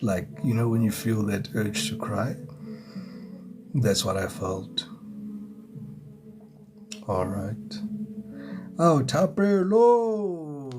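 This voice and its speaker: A man's voice: on the low side, steady tone, slow pace, pauses often. A man giving a chatty live tarot reading, greeting viewers and chuckling often. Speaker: tarot reader. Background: music.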